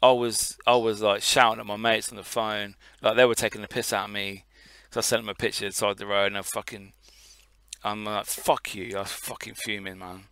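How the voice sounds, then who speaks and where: Male co-host, casual sweary chat, bright crisp voice, dry close mic. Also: on the low side, a little fast, no room sound. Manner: sweary, animated storytelling. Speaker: podcast co-host.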